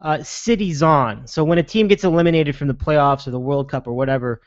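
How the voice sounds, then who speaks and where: A man's voice: on the high side, brisk, no room sound. A man hosting a sports podcast in casual chat, rambling with lots of restarts and fillers. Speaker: podcast host. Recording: dull lo-fi sound.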